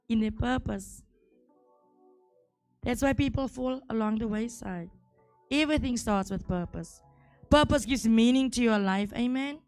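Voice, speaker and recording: A woman's voice: fairly high pitch, darkish tone. A woman preaching a sermon, repeating key words and building to emphatic peaks.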